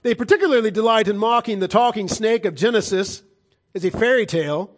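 A middle-aged man delivers a sermon in a notably high voice. He is emphatic and insistent, swinging from ringing declarations down to quiet, low, earnest lines. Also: lively intonation, fairly quick. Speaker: preacher.

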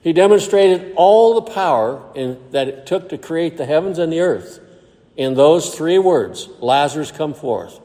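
A man preaching a sermon. He reads scripture aloud in old-fashioned wording and then explains it in plain, conversational terms, slowing down for emphasis. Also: a little high, expressive, warm tone, big-room sound.

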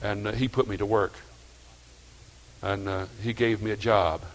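An older man, preaching a sermon in a folksy storytelling way, dropping to quiet asides and rising to loud exhortation. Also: fairly low pitch, steady tone, normal speed. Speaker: pastor.

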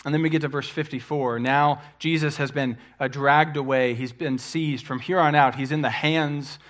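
A man's voice: on the high side, fairly even intonation, normal speed, a bit bright. Earnest male preacher in an echoey room. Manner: earnest, conversational preaching with frequent "uh" fillers. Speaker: pastor. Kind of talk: sermon.

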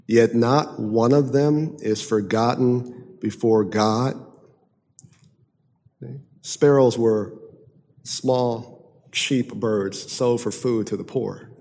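A man preaching a sermon emphatically, moving from loud declaiming to hushed, intense passages. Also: fairly low pitch, slow pace, gravelly. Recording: long hall reverb.

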